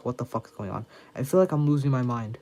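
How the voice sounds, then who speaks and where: A man's voice: medium pitch, animated, fast talker, dark tone, lightly acted. Man reading as a flustered shy bookish girl. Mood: breathless. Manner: reads game dialogue aloud, hesitant.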